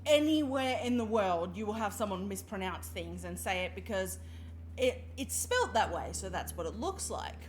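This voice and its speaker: A woman's voice: medium pitch, big pitch swings, moderate pace, a little hiss or hum. A woman chatting casually while streaming a game, laughing often and playfully snobby. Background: game music.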